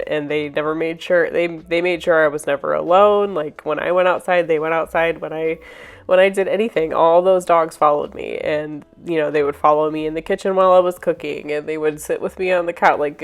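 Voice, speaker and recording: A woman recording a voiceover for her painting video, talking in a halting, emotional way with sighs and restarts. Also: deep voice. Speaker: painting vlogger.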